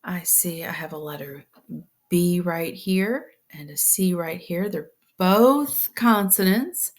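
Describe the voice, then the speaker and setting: A woman teaching a phonics lesson step by step, patient and slow, often dropping to a whisper. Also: on the low side.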